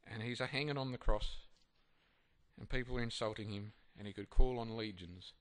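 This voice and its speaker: A man's voice: on the low side, moderate pace, a bit bright. A man giving a sermon, reading Bible passages and then reflecting on them in a conversational, hesitant way with many fillers and restarts. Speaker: preacher.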